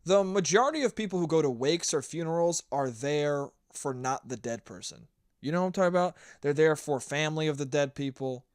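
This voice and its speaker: Recorded with studio quality and no echo, a young podcast host speaks in a slightly high, expressive, clean-toned voice, a little fast. Alone on his show, he rants through stories bluntly and profanely.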